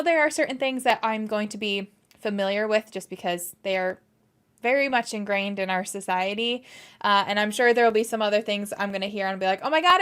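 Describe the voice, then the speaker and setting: A young woman with a Western New York accent hosting a movie reaction vlog. She is bubbly and excitable, and she laughs often. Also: medium pitch, smooth.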